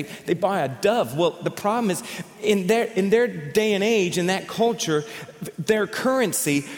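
A man preaching a sermon as pastor, telling stories in an animated way and often repeating words as he goes. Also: sits high. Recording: long reverb of a large hall.

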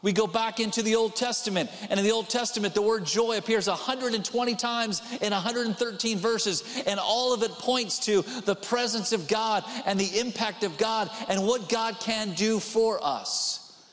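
A man's voice: sits high, normal speed, a bit bright, long reverb tail. A man preaching a sermon as pastor, talking in a conversational way and repeating key phrases for emphasis.

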